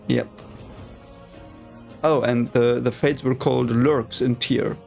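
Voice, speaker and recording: A man with a gravelly, creaky voice chats his way through a fantasy novel he is reading for the first time. His reactions are playful and joking, and faint music plays quietly underneath. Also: mid-range voice, steady tone, takes it slowly, pauses often. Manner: chatty, laughing asides and playful commentary.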